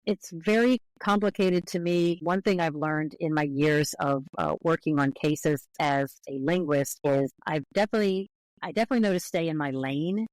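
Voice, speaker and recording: An American woman linguist, a podcast guest, explaining patiently and carefully with clear qualifications. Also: deep voice, normal speed, dry recording, poor audio. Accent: American English.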